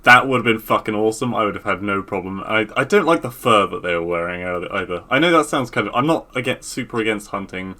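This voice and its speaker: A man's voice: on the low side, fast, hardly any pauses, pushed and bright. A man co-hosting a podcast, talking in a laid-back way, trailing off and swearing casually. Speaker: podcast co-host. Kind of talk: casual chat.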